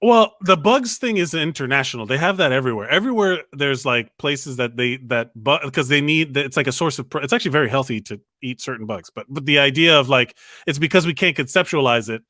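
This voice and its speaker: A man co-hosting a comedy podcast, telling a long story in casual chat with quick, animated asides. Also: medium pitch, dry recording, studio quality. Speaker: podcast co-host.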